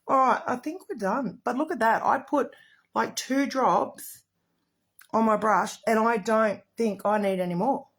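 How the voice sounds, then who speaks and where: A middle-aged woman hosts a casual makeup livestream, talking to the camera. She chats in a rambling, effusive way. Her voice sits at a middling pitch. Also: normal speed.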